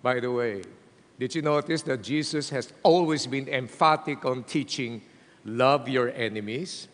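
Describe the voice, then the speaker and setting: A man preaching a sermon to a packed hall, with a Filipino accent, speaking in an animated, emphatic way. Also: mid-range voice, unhurried. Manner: animated preaching, mixing English and Tagalog, addressing the hall. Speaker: pastor. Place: large hall. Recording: long hall reverb.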